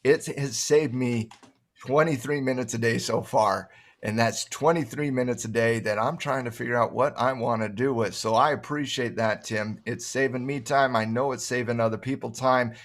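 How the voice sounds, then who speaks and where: A man's voice: mid-range voice, fairly even intonation, normal speed. Enthusiastic rambling male co-host. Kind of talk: casual promo chat.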